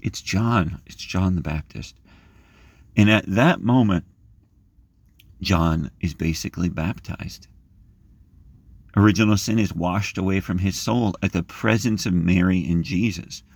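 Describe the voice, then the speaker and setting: A man leading a guided scripture meditation, gently inviting listeners to imagine the scene and rising in pitch as he reads the verses. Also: measured pace, long pauses, no room sound. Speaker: prayer leader.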